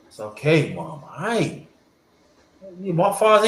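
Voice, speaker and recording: A man's voice: a little high, huge pitch swings, a little slow, a bit bright. Rambling man with an echoey sound. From New York. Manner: rambling, repeats words, acts out family members' lines. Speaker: host telling a family story. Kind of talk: casual storytelling to a live audience. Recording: echoey room with faint background hiss.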